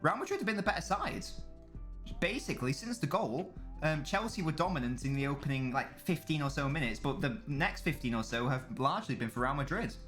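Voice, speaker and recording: A man's voice: a little high, animated, brisk, a bit bright, faint music behind. A man chatting casually as a live streamer during a football watchalong, rambling and swearing freely while answering chat.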